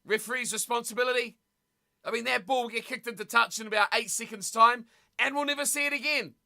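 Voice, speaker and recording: A streamer giving casual live commentary at a rugby watch party, chatting with viewers and shouting with excitement at big plays. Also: medium pitch, quick pace, vocal fry. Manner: chatty, talks straight to viewers in chat.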